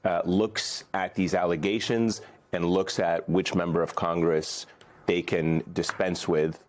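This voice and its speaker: A man giving measured, analytical political commentary in a panel discussion. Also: low-pitched, little pitch movement.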